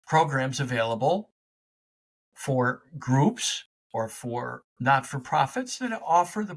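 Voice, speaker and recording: A middle-aged man giving an energetic, emphatic motivational talk as a life coach, speaking straight to his listeners in a conversational way. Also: a little high, slightly rough. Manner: energetic, emphatic, conversational, talks to his dog mid-show. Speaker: life coach and podcast host. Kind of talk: motivational direct-to-camera talk.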